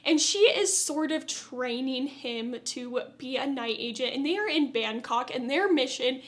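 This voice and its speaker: Woman, high voice, casual review, chatty, opinionated, exasperated rants. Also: lively intonation, unhurried. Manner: chatty and opinionated, gets loud and exasperated when ranting. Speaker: show reviewer.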